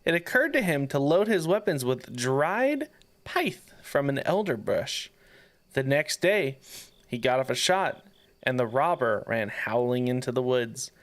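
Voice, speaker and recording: A man's voice: mid-range voice, big pitch swings, a little slow. A man co-hosting a podcast, reading a folk tale aloud and breaking off playfully to joke. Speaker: podcast co-host.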